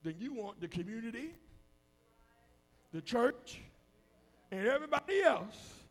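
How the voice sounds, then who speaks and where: A preacher whose voice sits high and moves a great deal, climbing and falling across every phrase. He swings between quiet, hushed stretches and loud calls to the congregation, and he acts out the people he quotes in a folksy, down-home way. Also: very animated, measured pace. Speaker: pastor. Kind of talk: sermon. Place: church hall with a congregation.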